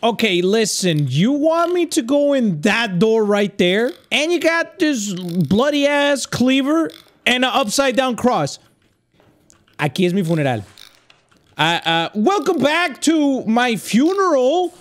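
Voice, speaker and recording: Gamer guy for horror playthroughs, high and animated delivery, jittery and rambling. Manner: jittery, rambling nervous chatter; nervous laughs. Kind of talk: horror game commentary.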